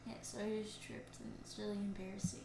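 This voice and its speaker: A woman's voice: mid-range voice, little pitch movement, a little fast. Young female co-host, chatty rambling storyteller; echoey room, faint background hiss. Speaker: podcast co-host. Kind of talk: casual chat. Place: indoors, TV on nearby.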